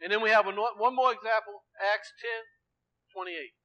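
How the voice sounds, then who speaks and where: A male preacher with a high, bright, ringing voice delivers an emphatic sermon. He keeps quizzing his listeners with questions and swings between loud exclamation and low, quiet explanation. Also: fairly even intonation, normal speed, dull audio.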